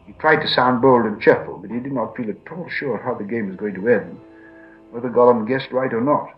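A man's voice: mid-range voice, brisk, soft background music, natural voice. A man reading the lines of a small nervous male hobbit who tries to sound bold and cheerful, on a slightly dull recording. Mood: forced bold.

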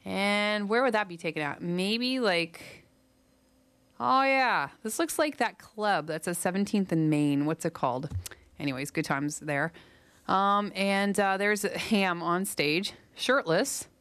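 A woman's voice: mid-range voice, unhurried, a bit bright, smooth, dry recording. A young woman working as a campus radio DJ, chatting casually between songs, rambling and correcting herself, slightly out of breath. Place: small radio studio. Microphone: studio microphone.

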